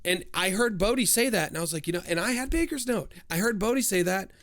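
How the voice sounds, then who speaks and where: Man, slightly higher voice, quick casual game-guide narrator who cracks jokes between steps. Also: animated, a bit bright. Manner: fast instructional, joking asides. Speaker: streamer giving a game guide.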